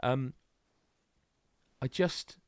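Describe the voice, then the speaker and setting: A man co-hosting a podcast in casual chat, rambling and animated with many restarts. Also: very slow, no room sound, studio quality. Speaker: podcast co-host.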